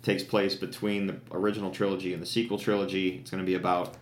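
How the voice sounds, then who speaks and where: Low-voiced man, casual podcast chat. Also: flat delivery, fast, reverberant, slight background noise. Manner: enthusiastic, rambling with fillers. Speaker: podcast co-host.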